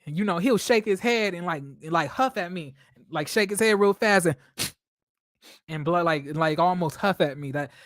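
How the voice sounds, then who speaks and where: A man hosting a casual live stream from home, telling stories in a dramatic, expressive way, swearing freely and laughing often. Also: high voice, moderate pace, dry recording, studio quality.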